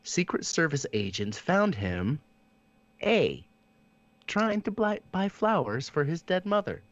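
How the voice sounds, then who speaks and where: A playful man quizzing his friends on a casual podcast, reading trivia questions aloud with giggles. His voice is lively and animated in pitch, on a dull, lo-fi recording. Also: takes it slowly, no echo. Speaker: podcast host, trivia quizmaster.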